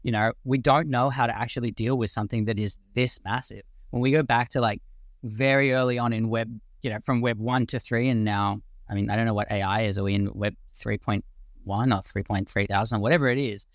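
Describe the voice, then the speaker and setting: A man's voice: fairly low pitch, fairly even intonation, fairly quick, no room sound. A man in his forties with an Australian accent, a guest speaker in a casual live audio discussion, ranting passionately and rambling with some casual swearing.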